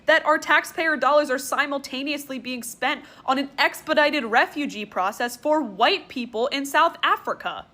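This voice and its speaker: Fed-up woman venting, sarcastic and sweary, high bright voice. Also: normal speed, hardly any pauses. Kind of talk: angry rant clip.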